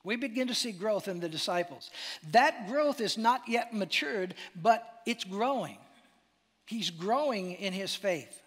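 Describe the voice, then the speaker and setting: Animated high-voiced pastor preaching in a reverberant hall. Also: male voice, measured pace. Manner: animated, dramatic, drops to near-whisper for emphasis. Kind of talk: sermon.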